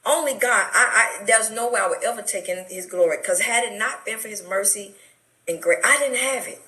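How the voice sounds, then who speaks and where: Middle-aged southern woman w/ atlanta accent, testifying with big feeling, crisp bright voice, echoey room. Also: medium pitch, fairly quick. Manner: emotional, preacherly storytelling. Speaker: guest. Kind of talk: testimony in a radio talk show interview.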